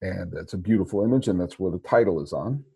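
Low-voiced man hosting a podcast. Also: fast, vocal fry, breathy edge. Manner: rambling, restarts often, animated. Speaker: podcast host. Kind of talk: casual movie chat.

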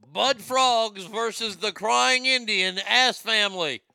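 A middle-aged man hosting a comedic show segment, ranting loudly and profanely and repeating himself. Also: sits high, slow pace, vocal fry, smooth, no echo. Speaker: show host.

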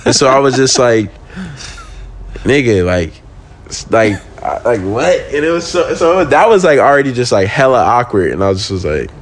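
A man's voice: medium pitch, fairly quick, hardly any pauses. A young man, a pro skateboarder and podcast guest, telling a casual story with lots of swearing and acting out what he said back then. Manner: animated, profane, acts out his own quoted lines.

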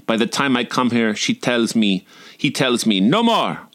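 A man's voice: medium pitch, unhurried. A man putting on a blunt Russian waitress in her sixties. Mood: confiding. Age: 60s. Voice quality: flat, stony, clipped broken English. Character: stern older Russian woman waitress, blunt.

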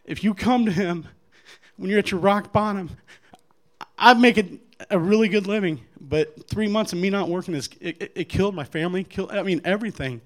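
A man giving an earnest personal faith testimony to an audience, animated as he acts out other people's lines, with frequent restarts. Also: sits high, brisk. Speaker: guest speaker giving testimony.

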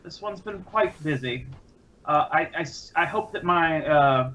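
A man's voice: a little high, animated, a little slow, fairly bright tone, poor audio. A man playing a formal male alien who speaks of himself in the third person, in a stilted, hesitant way during a tabletop game. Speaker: player. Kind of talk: in-character tabletop role-play.

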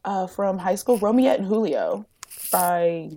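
A woman's voice: lowish voice, sing-song, a little slow, mellow, slight background noise. Playful woman guest, casual chat. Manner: playful, self-deprecating, laughs often. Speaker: podcast guest.

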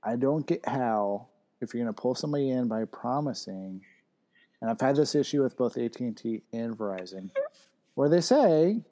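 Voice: mid-range voice, lively intonation, moderate pace, dark tone. A podcast co-host and editor chatting casually, teasing and laughing often. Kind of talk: casual chat.

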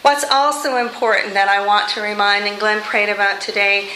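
A woman preacher giving a conversational, expressive sermon with touches of humor in a church. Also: medium pitch, moderate pace, a little hiss or hum. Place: church sanctuary. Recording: echoey room.

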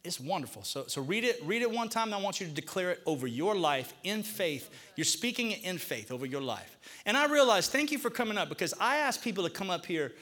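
High-voiced animated male pastor. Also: fairly quick, few pauses. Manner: animated, coaxing audience to repeat lines. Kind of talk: call-and-response sermon. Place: church.

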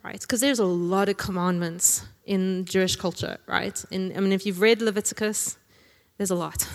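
A woman's voice: mid-range voice, fairly even intonation, moderate pace, hardly any pauses. A woman preaching a sermon in a chatty, conversational way, often tagging lines with a question and joking along the way. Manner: conversational, tag questions, jokey asides with laughs. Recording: long hall reverb.

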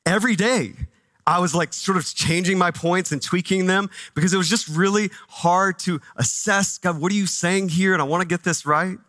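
A man preaching a sermon as pastor, conversational and animated, dropping low and soft for reverent moments. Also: dry recording. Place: church.

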